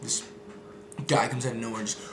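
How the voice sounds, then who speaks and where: A man's voice: medium pitch, level tone, fairly quick. Rambling young man vlogging. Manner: rambling, full of fillers and swearing. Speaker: video maker. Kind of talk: casual vlog chat. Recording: echoey room with background noise.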